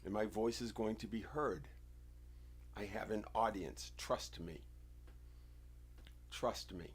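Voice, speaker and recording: A man from the United States hosting a livestream, giving an insistent, confrontational monologue with deliberate, emphatic phrasing. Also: fairly low pitch, breathy edge. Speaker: livestream host.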